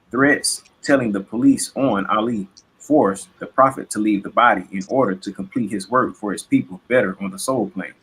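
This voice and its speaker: A man reading a document aloud in a discussion, measured and deferential. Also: fairly low pitch, fairly bright tone, breathy edge, low-quality recording. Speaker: reader in discussion.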